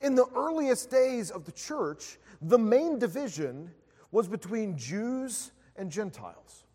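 High-voiced male preacher in a reverberant hall. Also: very animated, slow, mellow, slightly rough. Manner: storytelling with frequent uh fillers. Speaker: pastor. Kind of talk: sermon.

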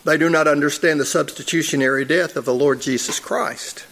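A man's voice: a little high, fairly even intonation, brisk, fairly bright tone, a little hiss or hum. A man, a church elder, preaching a sermon in a conversational storytelling way and chuckling at his own stories.

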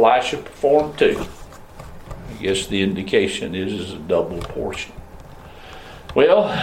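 Male pastor mid-sermon, mid-pitched voice, dramatic swings in volume, captured from across a reverberant room. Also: slight background noise. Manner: preaching with sharp swings between loud high calls and low murmurs. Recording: echoey room, voice from a distance.

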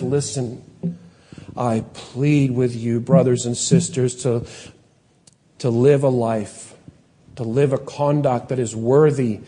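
A man's voice: fairly high pitch, dark tone. A man preaching a sermon as pastor, earnest and pleading, in a church. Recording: long hall reverb.

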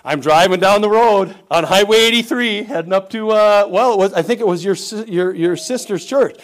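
A middle-aged pastor preaching a sermon, his somewhat high voice climbing for emphasis and dropping low for asides. He talks to his congregation directly, with a pastor's earnest urgency. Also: moderate pace. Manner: emphatic preaching, rises and falls in pitch and volume, occasional chuckles.

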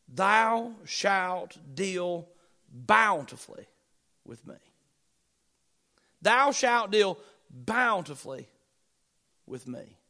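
Male pastor, high-pitched voice, dramatic sermon delivery with big swings from loud to hushed. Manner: preaching with swings in volume and pitch, slowing for emphasis.

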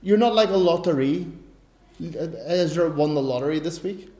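A middle-aged man preaching a sermon, telling personal stories in an animated way, breaking into bursts of laughter. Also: on the high side, moderate pace. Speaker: pastor. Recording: roomy echo.

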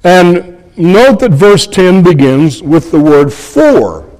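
A man delivers an expository sermon at an unhurried pace. His voice sits fairly high and swings widely in pitch as he stresses words. He speaks earnestly, repeats key phrases for emphasis and calls his listeners friends. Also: big pitch swings, a little mellow, in a large hall. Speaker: preacher.

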